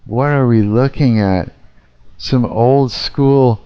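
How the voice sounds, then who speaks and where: Slow-talking man, smooth dry voice. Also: mid-range voice, dry recording, highs cut off. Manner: laughing, swearing, puzzled thinking aloud. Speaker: live streamer. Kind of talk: casual live-stream reaction.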